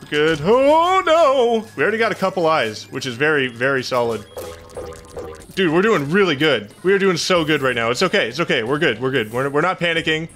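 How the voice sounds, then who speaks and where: A young man giving excitable, profane gameplay commentary as a gaming channel host, with panicky outbursts. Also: fairly high pitch, brisk, faint music behind.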